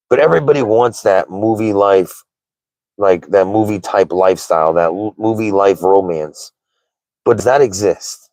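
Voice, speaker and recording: A man's voice: on the low side, mellow, no room sound, poor audio. A man in his thirties hosting a casual livestream chat, candid and rambling, with lots of "like" and "right?". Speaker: livestream host.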